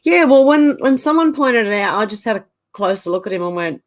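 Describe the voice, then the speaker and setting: A middle-aged woman hosts a livestream in a casual chat, reading out viewer comments and reacting to each one with quick opinions. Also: medium pitch, expressive. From Australia. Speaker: livestream host.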